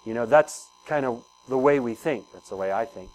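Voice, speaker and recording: A man's voice: mid-range voice, normal speed, darkish tone, rough recording. A man preaching a sermon in a conversational way, asking the congregation questions and repeating key phrases. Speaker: pastor.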